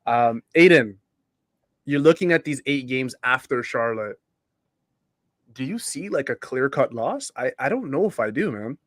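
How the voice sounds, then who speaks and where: A man's voice: medium pitch, expressive, a little slow, fairly bright tone, dry recording. A man hosting a casual sports talk show, chatting with his co-hosts, laughing often and reading viewer comments aloud. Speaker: podcast host.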